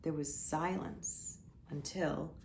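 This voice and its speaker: A woman reading a children's picture book aloud at church story time. Her voice is low and gravelly, and she takes the story slowly, gently pointing out the pictures. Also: fairly even intonation, a little hiss or hum.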